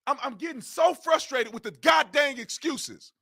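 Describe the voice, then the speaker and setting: A man's voice: extremely high pitch, normal speed, creaky, fairly bright tone. A man hosting his own political commentary channel, ranting in exasperation and firing off repeated rhetorical questions in informal speech.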